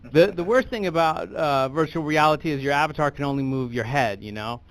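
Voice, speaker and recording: A young American man doing stand-up with a dry, deadpan delivery and a somewhat raised voice. He rambles through his bits casually and easily. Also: on the high side, normal speed. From United States. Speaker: stand-up comedian. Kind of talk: stand-up comedy.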